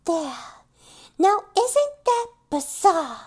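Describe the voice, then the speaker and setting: A shy, sweet young woman, speaking in a very high, mousy New York accent. Her soft, timid voice swoops up and down in lively curves, and she takes her time with every word. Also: extremely slow, exaggerated voice. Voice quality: high and breathy.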